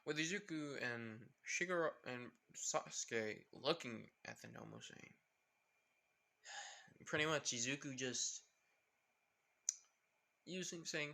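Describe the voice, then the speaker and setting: A man's voice: a little high, slow, gravelly, pauses often, bright, forceful tone. A young man casually improvising a fan story, rambling with many fillers. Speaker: fan fiction narrator.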